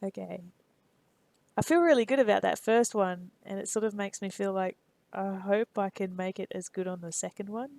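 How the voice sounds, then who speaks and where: An Australian woman streams live, chatting easily with viewers as she works on a model. Her voice sits at a middling pitch with a noticeable gravelly fry. She talks loosely and laughs often. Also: moderate pace, darkish tone, no echo. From Perth, Western Australia. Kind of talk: casual live-stream chat while modeling.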